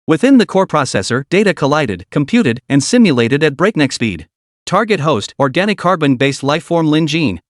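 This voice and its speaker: Guy reading a story out, kinda high voice, dry no-room sound. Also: normal speed, no room sound. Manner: even, dramatic storytelling. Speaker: narrator. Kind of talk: scripted story narration.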